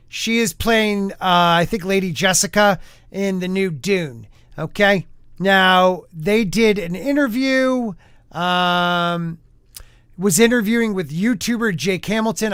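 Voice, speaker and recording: A man's voice: high voice, a bit bright, clear, resonant tone, dry recording, studio quality. A man hosting a casual podcast, chatty and rambling with lots of fillers. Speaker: podcast host.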